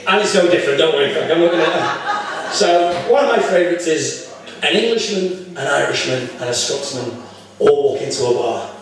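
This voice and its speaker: A man's voice: a little high, expressive, normal speed. A British man doing a live stand-up comedy set, crude and full of swearing, often restarting his sentences. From Britain. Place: comedy club. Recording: echoey room from far off.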